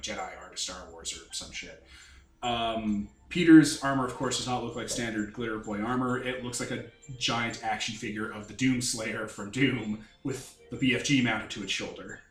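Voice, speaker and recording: A man's voice: medium pitch, a bit bright. A man running a tabletop game on a podcast, explaining things to listeners in a rambling way with casual swearing. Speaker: game master. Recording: echoey room with faint noise.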